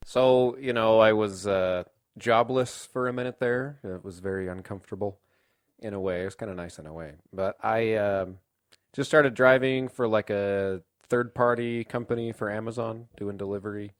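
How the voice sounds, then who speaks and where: A man's voice: fairly low pitch, fairly even intonation, moderate pace, no room sound, clean studio sound. A young man co-hosting a casual podcast, laid-back and joking with crude humor. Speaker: podcast co-host.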